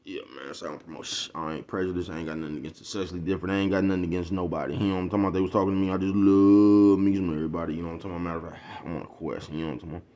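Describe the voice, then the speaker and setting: Deep low guy ranting on his vlog, heavy slang, cussing, keeps saying you know what i'm talking about. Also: fairly even intonation, rapid-fire, few pauses, a little mellow. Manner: profane, preachy storytelling. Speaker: vlogger. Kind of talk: casual rant to the camera.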